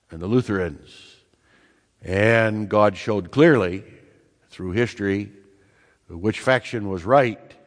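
A man preaching a sermon in a church, emphatic, slowing down and rising in pitch to drive home his points. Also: big-room sound. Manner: emphatic, slows and rises in pitch to stress points.

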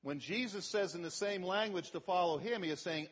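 A middle-aged male pastor delivers a sermon in a slightly husky, higher-than-usual voice. He teaches plainly, then pushes up hard and loud when he quotes the lines he wants to stress. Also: fairly quick, hardly any pauses. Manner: emphatic preaching, voice rising on quoted scripture.

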